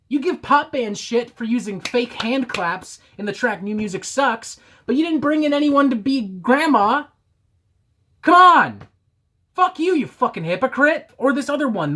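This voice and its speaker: A woman reviewing an album in a sarcastic, profane rant, mocking the record. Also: on the high side.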